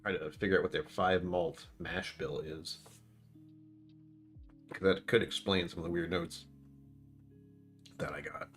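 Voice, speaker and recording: A man's voice: deep voice, fairly even intonation, measured pace, long pauses, a bit bright, soft background music. A man casually chatting on a live stream while reviewing a whiskey, rambling and reacting to his chat.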